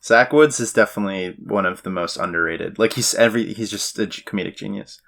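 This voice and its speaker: Man, low voice, relaxed, reflective, casual podcast talk. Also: quick pace, creaky. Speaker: podcast co-host. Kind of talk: casual chat.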